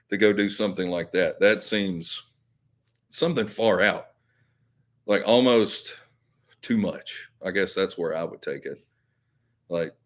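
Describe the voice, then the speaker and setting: Low-voiced man chatting live. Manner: rambling, filler-heavy, self-correcting. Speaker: YouTube channel host. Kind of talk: casual live-stream chat with viewers.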